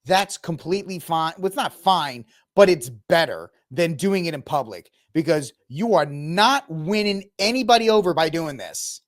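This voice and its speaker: Man, 30s, from Texas, reaction commentary host, opinionated, animated pitch. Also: moderate pace, hardly any pauses. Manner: animated, opinionated, mocking impressions.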